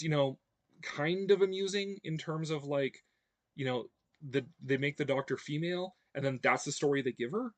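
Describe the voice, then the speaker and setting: A man's voice: mid-range voice, creaky, no echo. Rambling male livestream host. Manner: rambling, many fillers and restarts; animated when excited. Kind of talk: casual fan chat answering viewers.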